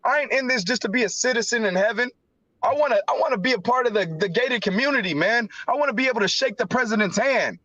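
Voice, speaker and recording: A man's voice: very high voice, fast, sharp tone, dry recording, lo-fi sound. A man talking passionately and emotionally in a casual, slangy scripture discussion on a livestream. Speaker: Bible study participant.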